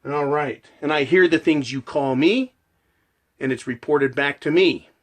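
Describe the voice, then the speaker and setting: A man's voice: fairly high pitch, unhurried. A man delivering a passionate, profane ranting monologue as a channel host.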